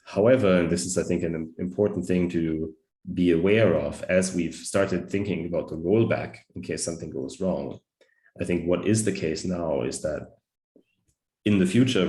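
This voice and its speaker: A man with a very deep voice explains things carefully on a video call. His voice rings with a roomy echo, and he sets out each point step by step. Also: normal speed, dark tone. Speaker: meeting participant. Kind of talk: casual work meeting talk.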